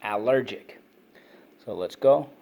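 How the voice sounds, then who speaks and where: With a low, creaky, mellow voice, a man leads kids through an online phonics and vocabulary lesson. He keeps it brisk and repetitive, drilling words, prompting the children, and praising what they say.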